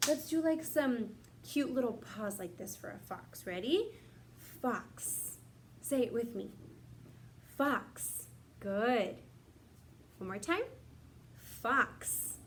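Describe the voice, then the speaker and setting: A young woman teacher leading a recorded phonics lesson for young children, stretching out sounds slowly and cheering the kids on. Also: fairly high pitch, a little hiss or hum. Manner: slow, drawn-out sounding of words with cheerful prompts.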